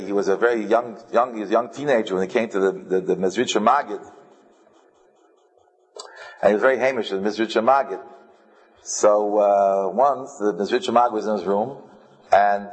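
Rambling rabbi in a reverberant hall. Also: male voice, fairly low pitch, husky. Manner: rambling, halting, humorous. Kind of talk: sermon with storytelling.

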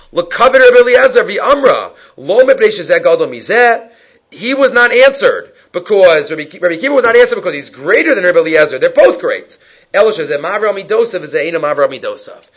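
A man's voice: high-pitched, expressive, fairly quick, fairly bright tone, breathy edge. A man teaching a Talmud class, reading Aramaic lines and explaining them in English, asking and answering his own questions. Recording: dull lo-fi recording.

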